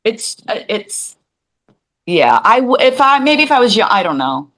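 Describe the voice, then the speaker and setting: Her pitch is fairly high and her pace normal as this woman in her forties co-hosts a podcast. She rambles in lively casual conversation, often imitating others' quoted words, all on poor-quality audio.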